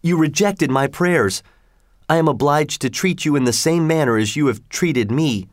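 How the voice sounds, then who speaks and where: A man's voice: fairly high pitch, normal speed, no echo, clean studio sound, pitched above the performer's own voice, natural voice. A man voicing a triumphant fisherman who scolds a trapped genie in a read-aloud folk tale, declaiming sternly. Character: boastful, triumphant poor male fisherman.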